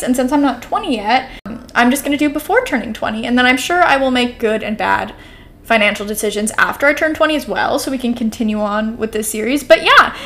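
A woman's voice: on the high side, fairly bright tone. Chatty teenage woman, rambling podcast talk. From Oregon, US West Coast. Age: teens, about to turn twenty. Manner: chatty, rambling, heavy use of "like" and "um"; upbeat and caffeinated. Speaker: podcast host. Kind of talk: casual solo podcast chat.

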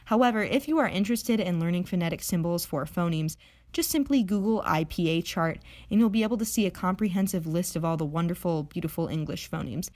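Young female podcast host, lowish voice, friendly teacher, playful asides, drawn-out sample sounds. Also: darkish tone. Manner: chatty, playful asides, slows to model sounds. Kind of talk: educational podcast lesson. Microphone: audio-only podcast recording.

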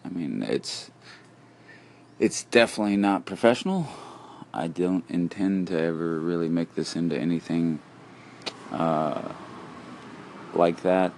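A man's voice: sits low, measured pace, vocal fry, pauses often, a little mellow, slight background noise. A man hosting a casual solo podcast, talking outdoors into a phone app as he walks, rambling and goofy as he muses aloud. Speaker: podcast host. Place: outdoors, walking around.

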